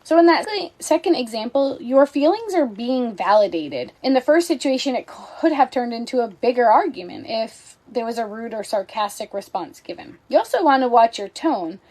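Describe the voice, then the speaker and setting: A woman's voice: on the high side, very animated, moderate pace, few pauses, a little mellow, poor audio. A woman giving an explanatory presentation on relationship conflict, often checking in with a questioning "right?".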